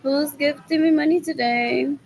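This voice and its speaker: A woman with a somewhat high voice talks loosely to her viewers, drifting from one thought to the next. She keeps circling back to the same phrases and mutters scornful asides, with faint background noise. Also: fairly even intonation, unhurried, vocal fry, a little mellow, poor audio. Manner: rambling, repeats phrases over and over; scornful, muttering disgusted remarks. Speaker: vlogger. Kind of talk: casual rambling monologue to viewers.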